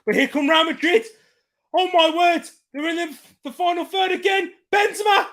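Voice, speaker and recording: A man hosting a live football watchalong, reacting with excitable shouting commentary while hoarse from losing his voice. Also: very high-pitched, moderate pace.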